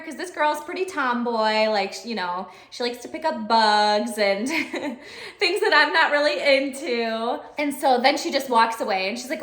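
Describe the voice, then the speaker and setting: A woman teacher telling a story in an animated, chatty way, laughing often. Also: a little high, unhurried. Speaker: special education teacher. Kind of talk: storytelling vlog. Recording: echoey room.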